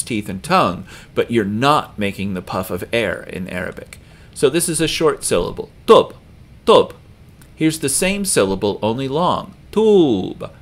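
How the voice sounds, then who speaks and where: A man teaching a recorded lesson, talking slowly and patiently and repeating each example word louder with strong stress. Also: lowish voice. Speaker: language teacher.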